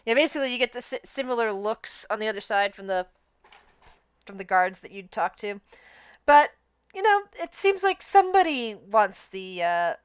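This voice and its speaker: A woman's voice: on the high side, lively intonation, moderate pace, clean tone, no echo. A woman running a tabletop game as game master, describing scenes and explaining rulings in a conversational way.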